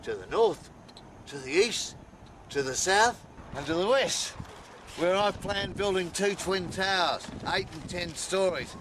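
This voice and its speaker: A crass, boastful property developer talks with an Australian accent in a fairly high voice, acted by a man. He is outdoors on a rooftop, with clear traffic noise around him. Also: measured pace, a bit bright, low-quality recording. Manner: brash, boastful, speech-making.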